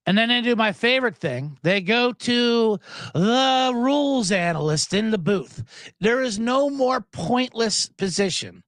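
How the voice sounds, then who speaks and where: A sports podcast host delivers an energetic, profanity-filled rant, chuckling along the way. His voice is high and fairly bright, on a dry recording.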